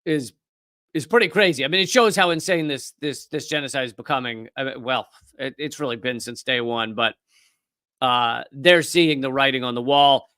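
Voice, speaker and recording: A man hosting a live political commentary stream, talking fast and heatedly with frequent restarts. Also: mid-range voice, bright, forceful tone, no echo. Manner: impassioned, fast, with restarts and profanity.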